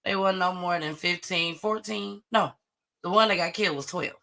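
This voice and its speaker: A woman hosting a casual live-stream gossip show, chatty and animated as she greets viewers. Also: fairly low pitch, normal speed, gravelly. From Atlanta area. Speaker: host of a live online gossip and news show.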